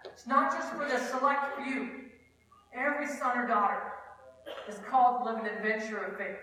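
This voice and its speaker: Pastor from Kansas, conversational sermon, high and bright tone, echoing hall sound. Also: male voice, a little fast, crowd noise, background noise. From Kansas, USA. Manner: conversational and earnest, with personal stories and asides. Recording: echoey hall, distant mic.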